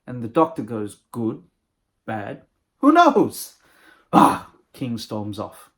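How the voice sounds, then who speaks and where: A man, a motivational speaker, telling a moral fable with a lively delivery. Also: mid-range voice. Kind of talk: storytelling with a moral.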